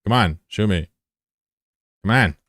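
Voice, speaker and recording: A man's voice: lowish voice, animated, measured pace, fairly bright tone, dry recording, studio quality. A man in his thirties casually commentating his live gameplay, loose and profane, giggling and bantering with chat. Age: 30s. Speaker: streamer.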